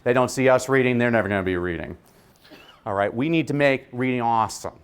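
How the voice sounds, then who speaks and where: A man's voice: mid-range voice, fast talker, clear, resonant tone. A man who is a teacher, giving a joking, preacher-like keynote speech. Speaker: teacher giving a conference talk.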